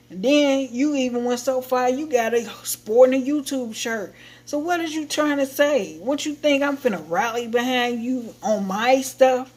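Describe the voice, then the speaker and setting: A woman's voice: fairly high pitch, normal speed. Woman, livestream host, blunt, heated, casual chat. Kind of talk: casual venting chat to viewers.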